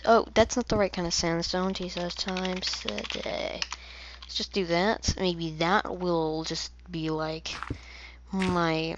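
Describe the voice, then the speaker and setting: A woman's voice: low-pitched, fairly bright tone, highs cut off, slight background noise. A woman giving casual, playful commentary over her own gameplay, rambling into silly asides. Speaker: gaming video creator.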